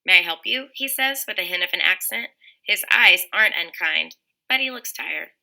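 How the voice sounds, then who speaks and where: A woman's voice: on the low side, expressive, moderate pace, gravelly, bright, forceful tone, poor audio. A woman reading a first-person audiobook in an earnest manner, with small slips and restarts. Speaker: audiobook reader.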